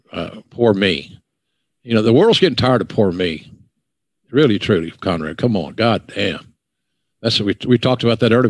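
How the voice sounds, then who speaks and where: A man's voice: lowish voice, dry recording. An older man with a Southern accent, hosting a podcast and ranting bluntly with profanity. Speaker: podcast host. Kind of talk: casual podcast chat.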